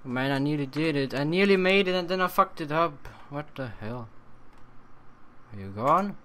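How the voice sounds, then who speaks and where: A young man doing horror game commentary at home on a desk mic, swearing often and yelling at jump scares. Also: fairly high pitch, lively intonation, normal speed. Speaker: let's play gamer.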